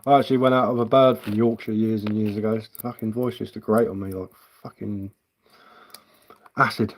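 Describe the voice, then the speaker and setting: Man, from England, livestream host, woodcarver, casual rambling chat, blunt, swears, mid pitch, home setup. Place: indoors at home.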